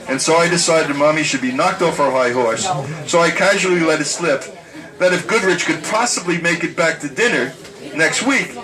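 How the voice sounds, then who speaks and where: A man reciting a personal story to an audience, animated and chuckling as he tells it. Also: a little high, rough recording. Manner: animated, chuckling through his tale.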